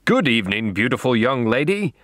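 A man putting on a pompous, overly formal aristocratic gentleman's voice in an audiobook. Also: medium pitch, very animated, fairly quick, no echo, clean studio sound.

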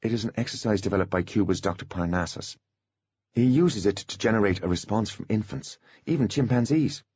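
A man voicing a young male genius who is coolly self-assured, speaking in a crisp, precise, clipped way. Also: lowish voice, fairly quick, a little mellow, no room sound. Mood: proud. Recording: dull, dry lo-fi recording.

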